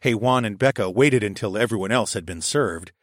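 A man narrating a first-person story in a steady, even reading voice on a close mic. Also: fairly low pitch, fairly quick, no echo. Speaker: audiobook narrator.

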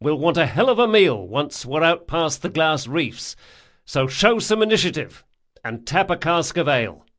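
A man reading an audiobook, voicing a bold young pirate captain who gives brisk orders to his crew. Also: fairly high pitch, very animated, a bit bright, pitched above the performer's own voice. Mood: commanding. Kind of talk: audiobook character voice.

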